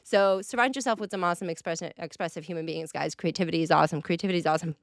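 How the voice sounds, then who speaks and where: A woman's voice: on the low side, racing, no room sound. Chatty woman host, dry close sound. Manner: chatty and animated, rambling with playful asides. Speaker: podcast host. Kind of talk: casual chat.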